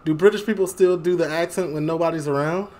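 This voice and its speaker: Young adult male host, casual reaction chat, slightly high voice, quick to laugh. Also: a little mellow, slight background noise. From Chicago, USA. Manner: chatty, laughs often, reads memes aloud.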